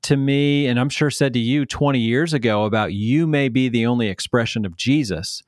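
A man's voice: mid-range voice, normal speed, dry recording, studio quality. A man co-hosting a podcast, affirming his partner and speaking encouragingly, often trailing off and restarting. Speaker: podcast co-host. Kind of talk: casual conversational podcast.

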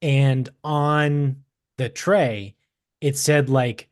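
A man around thirty with a Boston accent, co-hosting a podcast and telling stories in an animated, profane way. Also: mid-range voice, very slow, no echo, clean studio sound. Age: 30s. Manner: animated, swearing storyteller. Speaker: podcast co-host. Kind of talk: casual chat.

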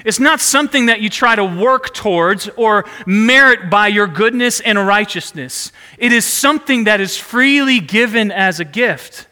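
A man's voice: high-pitched, sharp tone, big-room sound. A man preaching a sermon as pastor, prompting the congregation to repeat phrases back to him.

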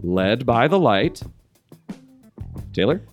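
A man's voice: medium pitch, very animated, takes it slowly, soft background music. A man hosting a Christian podcast, running a lyric quiz with playful, mock-stern banter. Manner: teasing, mock-stern quizmaster.

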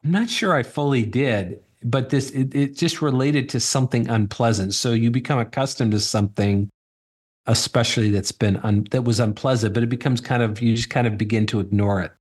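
A man co-hosting a podcast, explaining things in a measured, thoughtful way. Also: mid-range voice, a little mellow, husky. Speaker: podcast co-host. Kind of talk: casual podcast chat.

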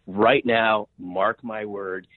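This fifties-aged sales author talks slowly on a podcast in a fairly low voice with fairly even intonation, no echo, and a tinny phone-line sound. Still, his interview talk is energetic and emphatic, repeating words and often asking "right?"

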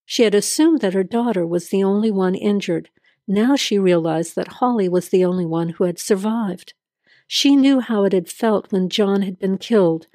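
A woman's voice: medium pitch, dry recording. Woman narrating a story in a dry, close voice. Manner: measured, steady storytelling. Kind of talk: scripted narration.

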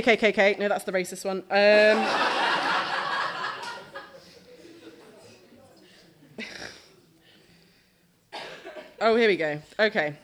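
A woman's voice: mid-range voice, a bit bright. A woman performing a dramatic verse reading live on a theatre stage, playful and laughing between lines.

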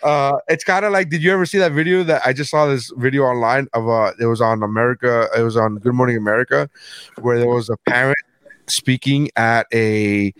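A man's voice: mid-range voice, steady tone, a little fast, fairly bright tone, clear, resonant tone, no echo. A man co-hosting a casual comedy podcast, telling stories and acting out the people in them, swearing often. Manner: storytelling, acts out quoted people, swears often. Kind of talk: casual chat.

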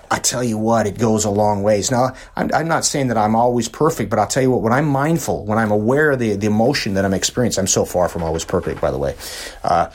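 Husky-voiced man telling motivational stories. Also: on the low side. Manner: folksy, repeats words and restarts often. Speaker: podcast host. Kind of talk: motivational storytelling.

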